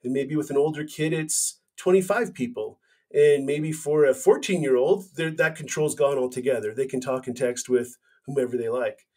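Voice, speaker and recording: Speaking at a moderate pace with a slightly mellow, mid-range tone, this company founder in his forties recounts his story in earnest on a podcast. The interview is relaxed, and he keeps starting phrases over.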